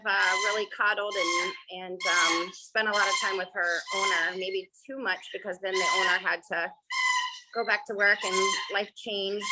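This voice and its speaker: A woman directing a parrot rescue, giving a chatty walkthrough tour on a video call with lots of filler ums and sweet baby talk to the birds. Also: mid-range voice. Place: indoor bird rescue room. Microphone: phone or laptop on a video call. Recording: loud bird noise over a call. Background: loud squawking and chirping birds.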